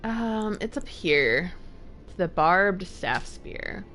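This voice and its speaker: A woman's voice: medium pitch, animated, slow pace, fairly bright tone, soft background music. A young woman casually commenting while she streams a game, tired and yawning, chatting and laughing as she reads item text aloud.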